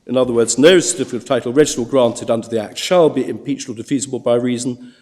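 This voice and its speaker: Counsel making formal courtroom submissions. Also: male voice, mid-range voice, darkish tone. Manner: measured, with frequent stammered restarts. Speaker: barrister.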